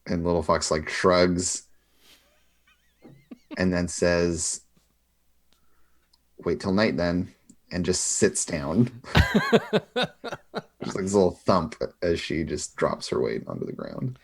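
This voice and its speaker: Deep, gravelly man playing a tabletop game. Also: animated, slow, pauses often. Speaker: player. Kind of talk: tabletop role-play.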